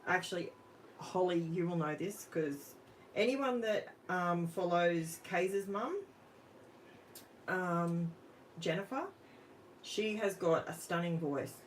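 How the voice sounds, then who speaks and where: A middle-aged Australian woman with a slightly low voice chats away to her live-stream viewers as she crafts. She talks straight to the people in the chat in an easygoing, talkative way, and a faint hum of room noise sits behind her. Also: slow pace, pauses often. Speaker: craft channel host. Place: home craft room under overhead lights.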